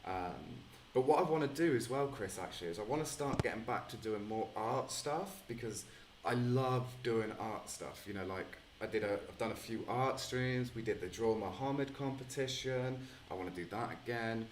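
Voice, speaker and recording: A man's voice: medium pitch, normal speed, a little hiss or hum. A man hosting a live stream, chatting casually with lots of fillers and calling people mate. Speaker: streamer host. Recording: echoey room.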